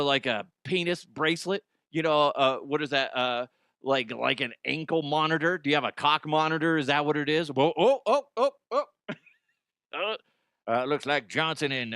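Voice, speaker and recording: A man's voice: mid-range voice, pushed and bright, clear, resonant tone, no room sound, clean studio sound. A middle-aged man hosting a comedy news podcast, riffing crudely, laughing at his own jokes and slipping into silly voices. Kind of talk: casual comedic monologue.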